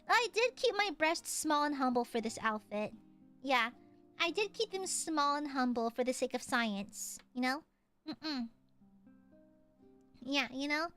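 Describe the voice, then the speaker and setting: A woman's voice: high voice, lively intonation, normal speed, fairly bright tone, soft background music. A young woman streaming casually as a VTuber, playful and jokey, often breaking into laughs and squeals. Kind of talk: casual livestream chat.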